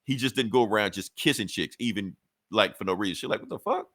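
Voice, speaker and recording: Man, podcast co-host, low voice, dry close sound, rambling profane recap. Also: fast, fairly bright tone, no room sound. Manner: loose, profane, rambling storytelling. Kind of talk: casual comic recap.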